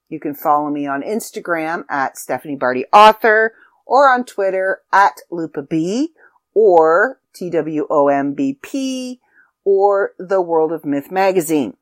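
A woman's voice: fairly low pitch, no echo. A woman hosting a podcast, chatting casually and rambling a little as she signs off, her throat getting dry. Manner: rambling, self-deprecating, chatty. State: throat drying out. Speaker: podcast host.

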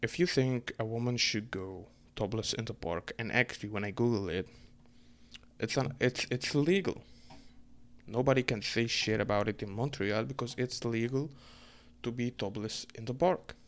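A young man, ranting in a casual monologue, animated and profane, with an exasperated manner. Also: mid-range voice, normal speed. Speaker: storyteller.

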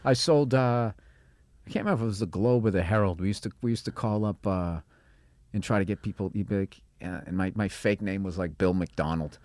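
Guy telling old job stories on a podcast, swears a lot, does loud goofy voices, dry close mic. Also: lowish voice, brisk, dry recording. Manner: animated, swears freely, acts out quoted voices loudly. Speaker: comedian guest. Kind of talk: casual storytelling chat.

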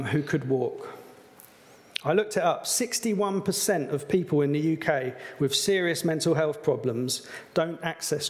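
A man's voice: fairly high pitch, big-room sound. A man preaching a sermon in an earnest, conversational way, with some fillers. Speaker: pastor.

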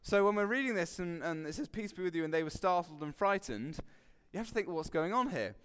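A man's voice: high voice, animated, quick pace, clear, resonant tone. Man preaching in a reverberant hall. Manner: conversational, humorous, acts out quotes with sudden loud bursts. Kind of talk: relaxed sermon teaching.

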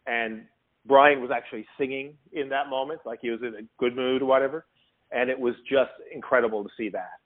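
A man's voice: medium pitch, brisk. Male guest from Newfoundland, anecdotal storyteller, thin phone-line sound. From Newfoundland, Canada. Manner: animated anecdote teller who acts out quotes. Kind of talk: casual storytelling chat. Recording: phone-like narrow audio.

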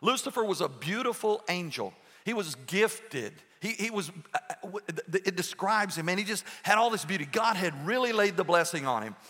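Bright high-pitched preaching man, echoey hall. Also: animated. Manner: earnest preaching with pauses and restarts. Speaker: pastor. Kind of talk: sermon.

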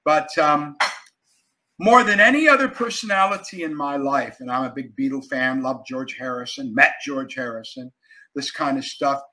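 An older man, a guest actor and author, telling stories in a casual interview, animated and emphatic, swinging between loud and quiet. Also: medium pitch, normal speed, low-quality recording.

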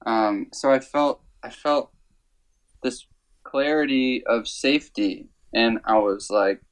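An earnest man in an interview, telling a personal story at an unhurried, drawn-out pace. His voice sits at an ordinary middle pitch, and he searches for words with frequent pauses and fillers. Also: poor audio. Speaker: worship songwriter guest.

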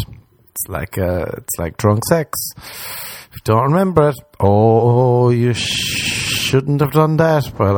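An Irish man hosting a solo comedy podcast, rambling crudely and mocking himself, his voice leaping up in pitch for jokes. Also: a little mellow. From Ireland. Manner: crude, self-mocking rambling with sudden high-pitched jumps. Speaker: podcast host. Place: small room, alone.

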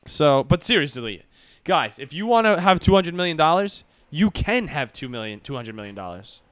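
A man co-hosting a podcast in loose, profane banter. His voice sits a little high for a man and is recorded dry and close, with no room sound. He jokes around and sometimes slides into mock pep talks. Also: sing-song, moderate pace, fairly bright tone, no room sound. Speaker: podcast co-host. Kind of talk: casual podcast chat.

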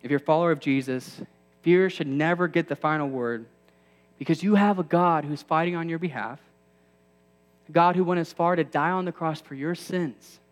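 Male campus pastor, thirties, slightly high voice, chatty sermon, long hall reverb. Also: moderate pace. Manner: conversational, self-deprecating asides, rising to emphatic peaks.

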